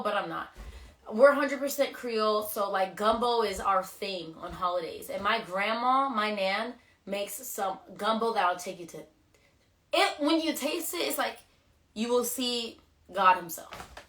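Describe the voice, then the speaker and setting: An emotional woman chats casually on a phone livestream, gushing through her shout-outs. Her voice is bright and forceful, and it sounds distant in a roomy, echoing space. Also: a little high. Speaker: reality show contestant hosting a livestream.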